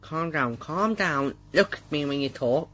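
A woman voicing a calm grown-man hero who leads a rescue, talking in a steady, bossy, soothing way during toy play-acting with a child. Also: sits low, unhurried, soft background music.

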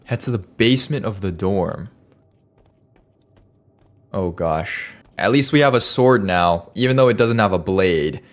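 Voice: low-pitched, lively intonation, unhurried, long pauses. A streamer giving live commentary over a horror game, reactive and prone to shrieking. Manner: reactive, swings from mumbling to shrieking.

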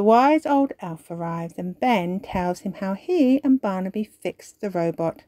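A woman reading a children's story aloud in a slow, expressive storybook manner. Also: mid-range voice, dry recording. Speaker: storytime reader.

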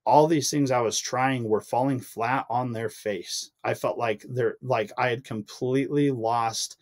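As a podcast guest, a young adult man offers a sincere personal testimony in a casual chat, his medium-pitched voice steady and a little slow. Emotion comes through, and his voice lifts whenever frustration surfaces in the memory.

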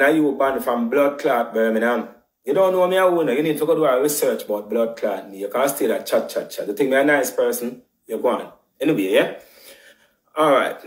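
A man with a Jamaican patois accent ranting on a live stream, his middle-pitched voice bouncing off the walls of an echoey room. He talks emphatically, circling back over the same points and swearing freely. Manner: animated, repetitive, emphatic patois rant with swearing. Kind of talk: heated live-stream rant.

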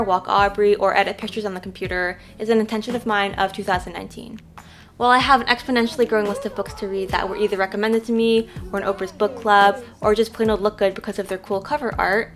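Perched on her bed in her bedroom, a young woman vlogs casually to the camera, cheerfully walking through her items one by one. Her mid-range voice has a fairly bright tone.

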